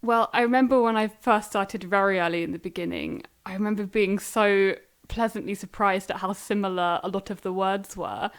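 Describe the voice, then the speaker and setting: A woman's voice: mid-range voice, normal speed, hardly any pauses, clean tone. A woman, a guest learning German, answering casually in a chatty way and laughing easily. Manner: chatty, laughs easily, animated when recalling.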